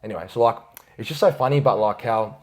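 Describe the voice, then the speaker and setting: A young man co-hosting a podcast, telling stories in an animated casual way full of slang. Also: mid-range voice, a little hiss or hum. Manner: animated, fast storyteller using "like" and "bro". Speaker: podcast co-host. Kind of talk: casual storytelling chat.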